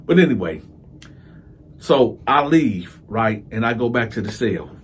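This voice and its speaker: A man casually telling a story to his viewers, emphatic and animated, repeating his points to drive them home. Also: medium pitch, unhurried, a little hiss or hum. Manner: animated, talks straight to viewers; repetitive, emphatic. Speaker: host and storyteller.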